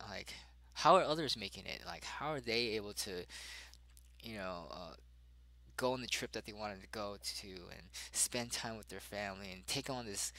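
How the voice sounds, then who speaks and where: A young adult man, a father, telling a personal story in a halting way, full of fillers and restarts. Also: lowish voice, bright, forceful tone, no echo, low-quality recording.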